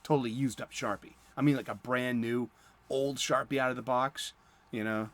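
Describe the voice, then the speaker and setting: A man's voice: mid-range voice, fairly even intonation, moderate pace, a bit bright, slight background noise. A middle-aged man, hosting a comics talk show in a casual, rambling monologue full of fillers and chuckles. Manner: chatty, chuckling, lots of fillers and restarts. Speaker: comics podcast host.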